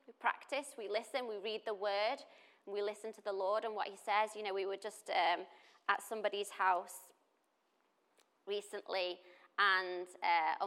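A woman's voice: medium pitch, bright, forceful tone, clear, resonant tone. Chatty woman giving a sermon. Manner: conversational, with chatty asides and restarts. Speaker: church speaker.

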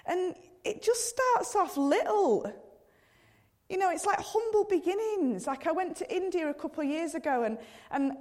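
A woman in her thirties, her voice high and a little mellow, preaches a sermon. She's earnest yet conversational, often speaking directly to God and dropping in casual fillers.

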